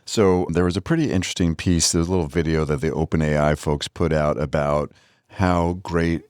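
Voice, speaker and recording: A man's voice: rumbling low, steady tone, brisk, a little mellow, clear, resonant tone, dry recording, studio quality. A man co-hosting a podcast, chatting casually and joking while he walks through the news at length. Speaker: podcast co-host. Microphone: studio microphone, on camera.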